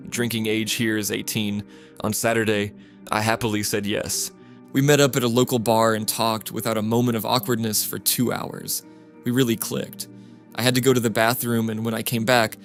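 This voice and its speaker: Low, flat male narrator with gravelly voice. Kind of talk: scripted narration of reddit stories. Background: music.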